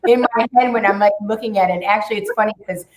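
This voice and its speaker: A woman's voice: medium pitch, rapid-fire. Woman chatting in an echoey room. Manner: animated, playful storytelling. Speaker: spiritual practitioner who teaches classes. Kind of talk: casual group chat. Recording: roomy echo.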